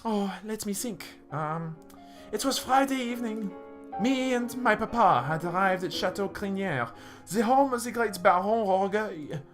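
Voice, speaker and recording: A man voicing a sweet, naive young female cat noble in a game, in a high, bubbly tone. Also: animated, unhurried, fairly bright tone, soft background music.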